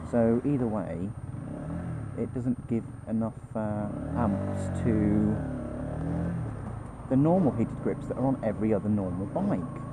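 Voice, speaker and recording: A man's voice: lowish voice, expressive, unhurried, vocal fry, pauses often. A man riding a motorcycle and chatting to the viewer in a rambling commentary, correcting himself as he goes, through a helmet mic. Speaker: motorcycle vlogger. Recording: loud wind and road noise.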